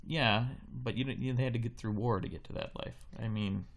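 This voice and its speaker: A man hosting a live podcast, improvising a silly story with playful deadpan asides. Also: medium pitch, moderate pace, gravelly. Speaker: podcast host.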